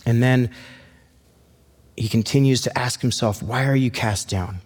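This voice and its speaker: A man preaching a sermon in a conversational, storytelling way, slowing down to read scripture. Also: medium pitch, darkish tone, husky, big-room sound. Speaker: pastor.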